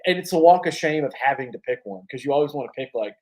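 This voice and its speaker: Male podcast co-host, casual and profane, animated storyteller, mid-pitched voice. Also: fast talker, poor audio. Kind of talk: casual sports chat.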